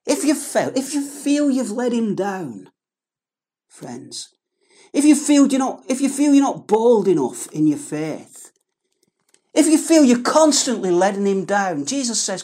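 A woman's voice: fairly high pitch, very animated, measured pace, dark tone. A woman preaching an earnest, emphatic sermon with pleading repetitions.

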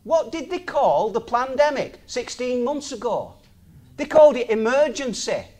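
A man's voice: very high-pitched, lively intonation, moderate pace, darkish tone. A man, talking in an informal sermon, chatty, laughing often and asking the listener rhetorical questions. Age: 60s.

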